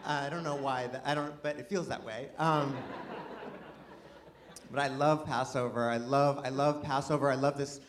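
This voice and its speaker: A man's voice: medium pitch, steady tone, moderate pace, noisy background. A man performing a stand-up comedy set in front of a live audience, talking in a rambling, self-deprecating way, full of false starts and restarts. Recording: live room with audience laughter. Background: audience laughing.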